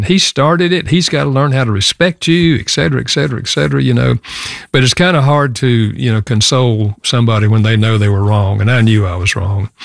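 An older man recounts a personal story as an interview guest, speaking earnestly and pausing to find his words. His voice has a gravelly edge at a middle pitch. The studio sound is dry and close. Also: no echo. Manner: earnest, reflective, halting with fillers. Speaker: guest author and counselor.

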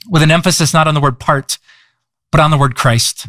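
A man's voice: fairly high pitch, fast talker, sharp tone, no room sound, studio quality. A man preaching a sermon as pastor, conversational, repeating words and asking the audience questions. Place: church.

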